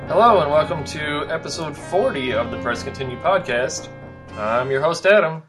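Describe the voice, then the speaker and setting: A man's voice: a little high, animated, normal speed, music in the background. A young man co-hosting a casual podcast, telling a long story with lots of fillers and restarts. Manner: rambling storytelling with many fillers. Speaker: podcast co-host.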